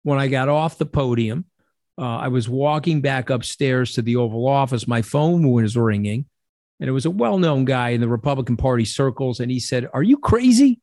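A middle-aged man tells stories as a guest in a casual interview, blunt and profane, acting out the voices of the people he quotes. His voice sits mid-range with a darkish tone, and he talks at a moderate pace. The recording is dry and clean, with studio sound.

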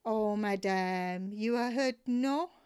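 A woman's voice: on the low side, big pitch swings, unhurried, a little mellow, pitched below the performer's own voice. A woman voicing a suave, charming foreign man who speaks in a gallant, soothing way.

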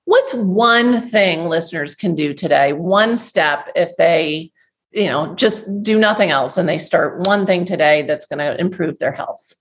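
A woman from New Jersey hosting a podcast interview, talking with warmth and enthusiasm and laughing easily. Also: lowish voice, unhurried. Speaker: podcast host.

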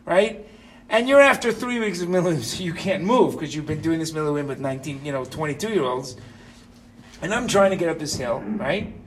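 Through a distant mic with slight background noise, a man's high-pitched voice carries a personal anecdote for his listeners. He's in his fifties and chatty, often checking in with "right?".

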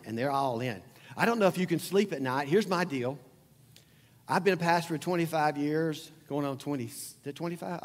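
Joking, chatty pastor in a reverberant hall. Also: male voice, fairly high pitch. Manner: conversational preaching, asks the crowd questions, jokes. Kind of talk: sermon.

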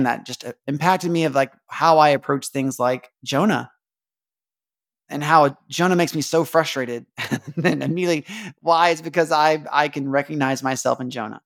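A man's voice: fairly high pitch, moderate pace. A man hosting a casual devotional podcast, talking earnestly, repeating phrases and asking rhetorical questions. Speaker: podcast host.

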